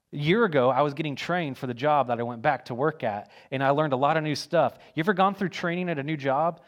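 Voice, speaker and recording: A young adult male pastor delivering a sermon, his voice slightly higher than most men's. He preaches casually and with energy, often restarting a phrase or dropping in a filler before pressing on.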